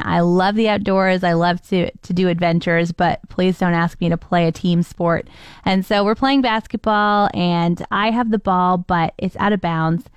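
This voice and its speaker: A woman's voice: on the low side, clear, resonant tone, dry recording. A young woman hosting a morning radio show, telling stories in a chatty, self-deprecating way. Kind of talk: casual chat.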